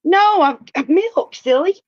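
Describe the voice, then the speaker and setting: A woman co-hosting a livestream, chatting casually and talking gently in baby talk to a small animal she feeds. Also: very high voice, expressive, a little slow, dry recording. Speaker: livestream co-host. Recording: dull lo-fi stream audio.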